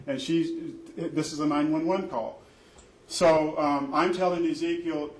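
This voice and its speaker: A man's voice: a little high, fairly even intonation, a little slow, slight background noise. A man, a father, gives an emphatic, repetitive personal account of a family fight, with many fillers. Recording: echoey room.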